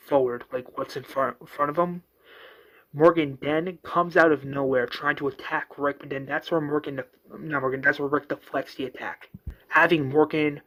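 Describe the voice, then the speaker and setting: A man's voice: fairly high pitch, fairly bright tone. A man casually retelling a story scene by scene, rambling with fillers and self-corrections. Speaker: narrator.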